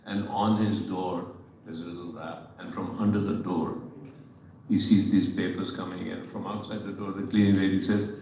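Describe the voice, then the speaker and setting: A man's voice: sits low, normal speed, creaky, slight background noise. Indian man telling stories in an echoey hall. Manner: animated storyteller with rhetorical questions. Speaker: panel speaker. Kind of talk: storytelling talk at a panel. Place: event hall on stage. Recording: echoey hall from far off, dull sound.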